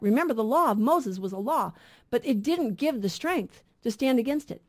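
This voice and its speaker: A woman's voice: fairly high pitch, a little mellow. A woman co-hosting a radio Bible program, teaching emphatically and posing rhetorical questions that she then answers herself.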